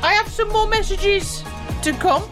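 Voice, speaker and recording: A woman's voice: extremely high pitch, measured pace, loud music behind the voice. A woman co-hosting a casual radio chat, trading cheeky, giggly banter. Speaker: co-host.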